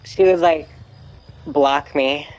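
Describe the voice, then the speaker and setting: A woman's voice: low voice, slow, darkish tone, low-quality recording. A young woman streaming a game, chatting casually, apologetic and giggly. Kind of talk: casual gameplay commentary.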